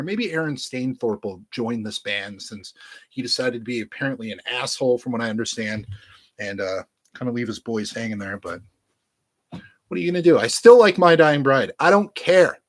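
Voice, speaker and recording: Talking straight to his viewers through a webcam, a man casually shows off his vinyl records, rambling and cracking crude jokes in an unboxing-style chat. His voice is medium-pitched and expressive at normal speed.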